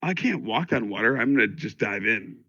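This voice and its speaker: Bright-voiced excitable man playing a tabletop game. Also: on the low side, a little fast, no echo, muffled recording. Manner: excitable, loud bursts of enthusiasm. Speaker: player. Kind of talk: casual tabletop game chat.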